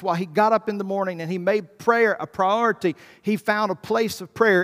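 A man, a pastor preaching a sermon, swinging from hushed, quiet passages to loud, emphatic ones. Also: high-pitched. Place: church sanctuary. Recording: long reverb in a church hall.

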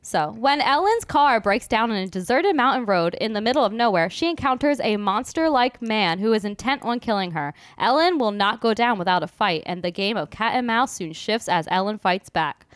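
A woman hosts a horror movie podcast in loose, joking chat and laughs often. Her voice is smooth and clear, recorded close on a dry mic with no room sound. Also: medium pitch, lively intonation, moderate pace, hardly any pauses, no echo. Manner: joking, laughs often, stumbles over names. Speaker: podcast host. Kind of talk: casual chat.

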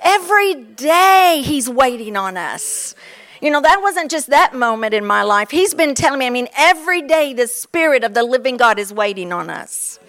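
A woman in her fifties from Kentucky with a Kentucky accent, preaching a fervent sermon with exclamations and drawn-out words. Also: high voice, very animated, fairly bright tone.

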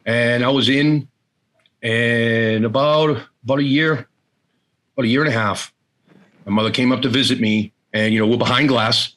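A middle-aged man as an interview guest, candidly telling a personal story in a halting way, often repeating words and quoting family members. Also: mid-range voice, steady tone, fairly bright tone, low-quality recording.

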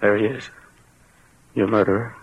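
A nervous, husky wealthy husband. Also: male voice, on the low side, fairly even intonation, moderate pace. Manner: hesitant, defensive. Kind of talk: 1940s radio acting. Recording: muffled old radio recording.

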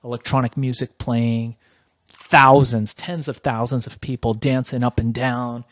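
A man's voice: medium pitch, level tone, a little slow, fairly bright tone, no room sound. Man, middle-aged, interview guest, casual storytelling, emphatic, swears freely, dry close recording.

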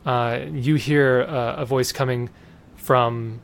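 Halting man running a tabletop game. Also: medium pitch, fairly even intonation, vocal fry. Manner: casual, halting, with fillers and restarts. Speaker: game master.

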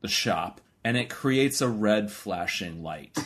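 Low-voiced man walking through a plot. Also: expressive, takes it slowly, fairly bright tone, breathy edge. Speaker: podcast co-host. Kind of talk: casual chat.

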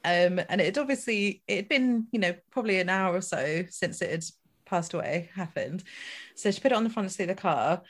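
A woman's voice: on the low side, a little fast. A woman hosting a podcast, telling a rambling anecdote in casual chat with fillers and asides. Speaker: podcast host.

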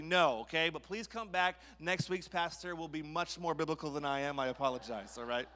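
Male preacher, high bright voice, jokey storytelling sermon, church hall reverb. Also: brisk, hardly any pauses. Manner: playful, jokey, acts out scenes. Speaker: guest preacher. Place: church sanctuary.

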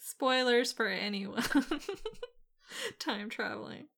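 A woman with a high, bright voice talks in an animated, casual way. She tells stories quickly, swears freely and acts out other people's lines. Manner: animated, swearing, quick storytelling with acted quotes. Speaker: podcast co-host. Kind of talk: casual chat.

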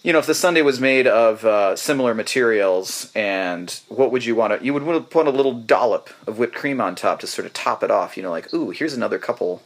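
Rambling low-voiced male podcast host. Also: animated, a little fast, hardly any pauses. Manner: rambling, joking, many fillers and restarts. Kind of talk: casual podcast chat.

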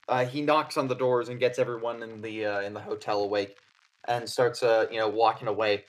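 A man narrating a tabletop horror game as game master, relaxed and hesitant. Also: lowish voice, a little fast.

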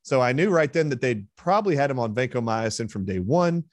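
A man's voice: mid-range voice, animated, fairly quick, dry recording. A man being interviewed as a guest, retelling a heated exchange with force and emphasis. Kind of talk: interview storytelling.

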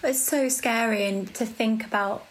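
A woman's voice: a little high, unhurried, poor audio. A woman hosting a casual interview, listening closely and asking questions in a supportive way. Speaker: podcast host.

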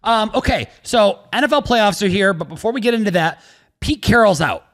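A man with a notably high voice talks football in a loose, casual podcast chat. He gets animated and acts out what others say in a raised voice. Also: a little fast. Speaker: sports podcast co-host.

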